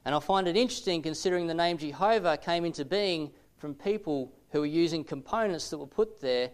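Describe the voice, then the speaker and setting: A man with an English accent explaining biblical names in a measured, thoughtful talk, slowing down to stress key words. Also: fairly high pitch, clear, resonant tone. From England. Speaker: Bible teacher.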